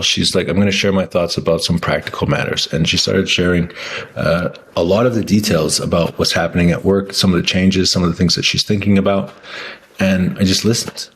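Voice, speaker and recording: A man's voice: deep voice, normal speed, a bit bright, a little hiss or hum. A man talking casually to camera in a rambling way, with many restarts and fillers. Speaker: vlogger.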